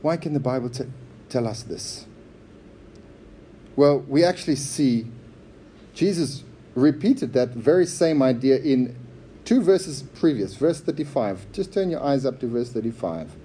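A man preaching a sermon in a church, emphatic and repetitive, swinging between loud stresses and quiet drops. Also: mid-range voice, lively intonation, a little slow, long pauses, a little hiss or hum. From outsider to Zambia.

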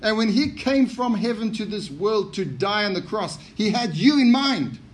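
A man's voice: sits high, lively intonation, moderate pace, slight background noise. A man preaching a sermon, emphatic and often repeating key phrases for stress.

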